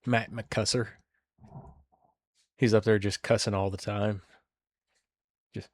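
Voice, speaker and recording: A man's voice: lowish voice, level tone, takes it slowly, long pauses, no echo. A man hosting a solo show, reacting off the cuff with crude, rambling jokes and mumbled asides. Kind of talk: casual reaction commentary.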